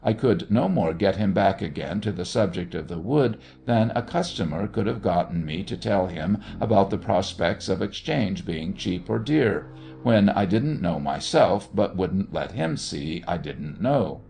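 Gravelly low-voiced male storyteller. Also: a little hiss or hum. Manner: measured, conversational, with animated dialogue. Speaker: audiobook narrator. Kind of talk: first-person storytelling.

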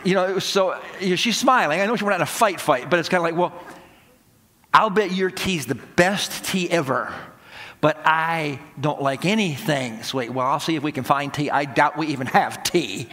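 A man's voice: on the high side, moderate pace, pushed and bright, a little hiss or hum. A man preaching, telling a folksy story and acting out the dialogue. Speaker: pastor. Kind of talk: sermon storytelling. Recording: long hall reverb.

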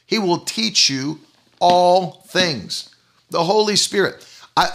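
A man's voice: on the high side, a bit bright. A man preaching a sermon, emphatic and repetitive, leading the listeners in spoken declarations. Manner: emphatic, repeats key phrases; leads declarations.

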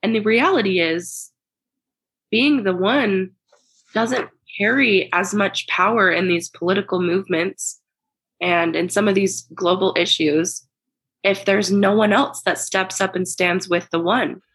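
A woman with a husky, breathy voice answers a question in a podcast book discussion. She speaks thoughtfully and earnestly, building her point step by step. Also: mid-range voice, a little slow, a bit bright. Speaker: discussion participant.

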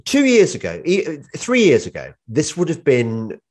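Lively, rambling male interviewer. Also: on the high side, measured pace. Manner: rambling, anecdotal questioning. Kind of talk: casual interview talk.

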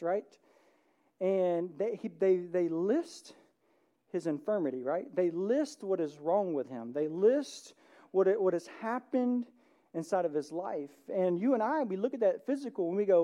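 A pastor preaches in a relaxed, conversational way at a church service, often turning a point into a quick "right?" for the listeners. The voice is mellow and warm, set at a middling pitch. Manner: informal, keeps asking "right?". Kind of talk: conversational sermon.

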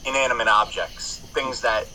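A man's voice: mid-range voice, fairly even intonation, normal speed, pushed and bright, slight background noise, poor audio. A man in casual podcast chat, swearing freely and telling stories with frequent restarts. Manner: profane, rambling storyteller with many restarts.

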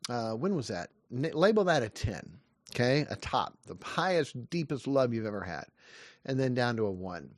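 A man in his fifties giving a short devotional sermon, earnest and lively, asking questions and answering them. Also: medium pitch, no room sound, studio quality. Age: 50s. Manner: earnest, lively preaching with rising questions and quick asides. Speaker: pastor.

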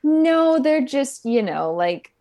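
A woman's voice: sits high, very animated, takes it slowly, dark tone. A woman co-hosting a casual chat, reacting thoughtfully and sharing her own experience. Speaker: podcast co-host.

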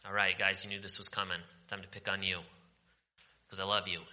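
A male pastor preaching a sermon with passion, moving from forceful declarations down to hushed, almost whispered lines. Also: deep voice, level tone, brisk. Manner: impassioned, swings from forceful preaching to near-whispers.

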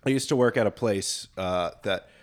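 A man's voice: lowish voice, normal speed. A man in casual chat, telling rambling profane stories with lots of fillers. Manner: profane storytelling, loose and rambling.

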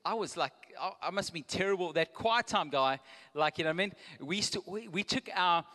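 A man's voice: high-pitched, fairly quick, sharp tone. A man preaching a live sermon in a conversational way, with joking asides and restarts. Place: church auditorium. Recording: long hall reverb, live.

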